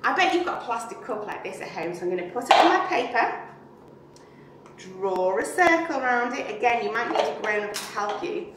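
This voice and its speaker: Woman, children's craft demonstration, playful questions, far from mic, very echoey room, slightly high voice. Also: very animated, fairly quick, heavy background noise. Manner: chatty and playful, asking the children questions as she works. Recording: very echoey and distant.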